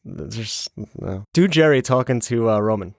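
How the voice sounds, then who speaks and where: A man hosting a podcast, opening the show and teasing his co-host in a relaxed, playful way. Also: mid-range voice, measured pace, dry recording, clean studio sound. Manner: playful, teasing, with filler words. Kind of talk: casual podcast chat.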